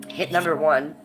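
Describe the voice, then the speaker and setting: A woman's voice: on the low side, bright, forceful tone, a little hiss or hum. A woman hosting a casual livestream, blunt and profane, her voice stuffed up from a cold, with coughs between her lines. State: congested and coughing. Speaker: livestream host.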